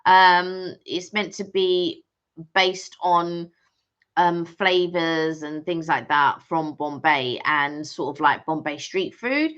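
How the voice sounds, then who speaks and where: A woman's voice: lowish voice, slow, fairly bright tone. A woman, co-hosting a casual live stream and chatting in a rambling way with many fillers. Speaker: co-host. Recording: dull lo-fi sound.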